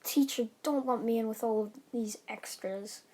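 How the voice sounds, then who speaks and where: A woman voicing a cold, jaded teenage boy turned ghoul, speaking flat and dismissive. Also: on the high side, normal speed, lightly acted.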